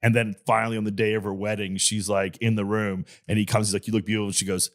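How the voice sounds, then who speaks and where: A man's voice: fairly low pitch, fast talker. A man on a comedy podcast, telling long, crude, rambling stories. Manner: rambling, crude, animated storytelling. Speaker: podcast co-host. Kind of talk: casual comedy podcast chat.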